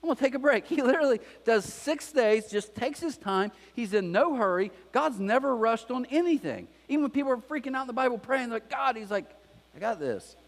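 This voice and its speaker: A male pastor delivers a sermon with a high voice that swoops up and down as he tells the story. He drops into little acted-out voices for the characters. His voice carries a long reverb from a large church hall. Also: lively intonation, fairly quick. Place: church auditorium.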